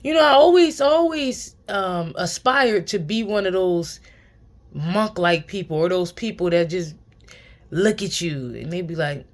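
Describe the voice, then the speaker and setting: A woman's voice: lowish voice, expressive, a little slow. Blunt, laughing woman giving spiritual advice. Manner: blunt, profane, laughing, emphatic repetition. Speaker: spiritual tarot reader. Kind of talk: casual spiritual advice monologue.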